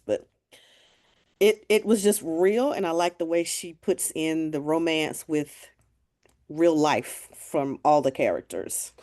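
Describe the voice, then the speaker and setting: A woman with a very low voice speaks simply and directly in a casual book club chat. She gives her view plainly and without fuss. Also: darkish tone.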